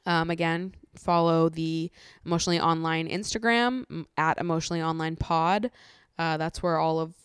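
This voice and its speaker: Blunt, low-voiced woman podcaster. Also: steady tone, moderate pace, clean tone, dry recording, clean studio sound. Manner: candid and blunt, swears freely, laughs often. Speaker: podcast host. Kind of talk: casual chat recapping a reality show.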